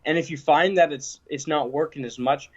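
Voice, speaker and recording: A man's voice: fairly high pitch, normal speed, dull audio. A young man from Canada answering interview questions casually and hesitantly, with many fillers. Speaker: guest.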